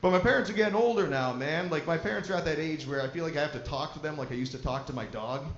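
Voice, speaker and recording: A man's voice: fairly high pitch, fast talker, roomy sound, muffled recording, a little hiss or hum. A man doing a stand-up comedy set, telling a profane story and bantering with the crowd. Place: live comedy venue.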